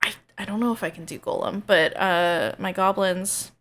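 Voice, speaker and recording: Gravelly bright-voiced woman streamer. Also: fairly low pitch, moderate pace. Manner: rambling, hesitant, self-deprecating. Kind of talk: casual chat.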